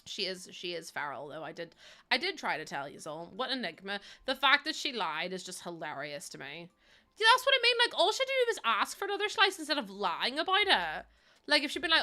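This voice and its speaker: A woman's voice: on the high side, huge pitch swings, brisk, sharp tone. A young woman, streaming a game and chatting casually with her viewers, teasing them and laughing often. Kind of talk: casual live-stream chat.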